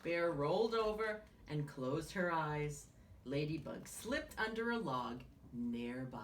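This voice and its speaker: A woman teaching children, reading a picture book aloud with animated tones and hushed whispered asides. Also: medium pitch, unhurried, slight background noise. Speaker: children's story-time teacher.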